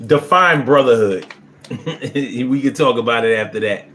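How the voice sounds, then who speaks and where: A man of medium pitch and measured pace hosts a live stream, with a little hiss or hum in the recording. He reads chat messages out and replies in a blunt, profanity-heavy way, at times surging into loud, animated bursts in this casual talk.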